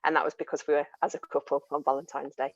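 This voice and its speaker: Low-voiced woman panelist, chatty storyteller, dry and slightly dull video-call sound. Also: flat delivery, fast, dry recording. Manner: chatty storytelling, laughs often. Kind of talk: online panel chat.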